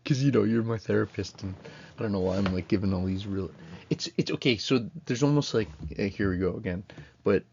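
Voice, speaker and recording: Low, gravelly-voiced man lecturing. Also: brisk, darkish tone, lo-fi sound, slight background noise. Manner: casual, rambling, self-interrupting. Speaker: college instructor. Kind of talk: recorded lecture.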